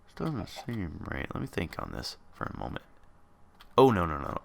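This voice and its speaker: A man's voice: low-pitched, wildly swooping pitch, normal speed, creaky, slight background noise. A man hosting a let's play, chatting casually and thinking aloud as he builds. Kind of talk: casual gameplay commentary.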